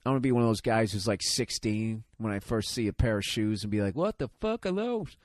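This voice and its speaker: A man's voice: on the low side, fairly even intonation, quick pace, no room sound, studio quality. A man hosting a podcast, delivering a sarcastic, profane comedic rant. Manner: swears constantly, sarcastic and ranting. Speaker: podcast host.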